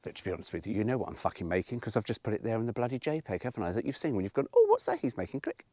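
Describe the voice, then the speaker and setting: Sweary, excitable man. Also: on the low side, very fast, faint music behind. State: tired. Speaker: vlogger cooking in a campervan. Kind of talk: casual chat to camera. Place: inside a campervan. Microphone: camera mic.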